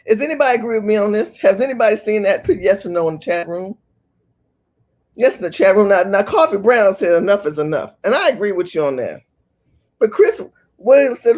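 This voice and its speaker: Woman livestream host, animated, very lively pitch, quizzes the chat. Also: brisk. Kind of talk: live-stream talk reading the chat.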